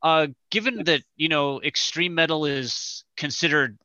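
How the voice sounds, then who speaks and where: A man hosting a podcast, putting measured questions to his guests. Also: a little high, sharp tone, no echo, dull audio. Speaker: podcast host. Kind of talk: interview questions.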